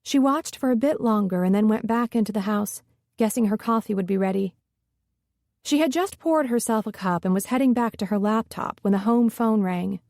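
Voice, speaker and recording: A woman narrating a romance audiobook with a smooth, steady reading. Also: medium pitch, a little fast, dry recording, studio quality. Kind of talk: scripted narration.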